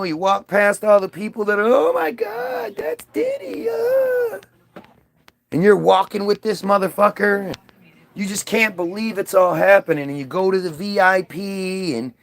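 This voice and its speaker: A man telling a swearing, animated story, acting out the lines of the people in it. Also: high voice, vocal fry. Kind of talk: profane anecdote with acted-out voices.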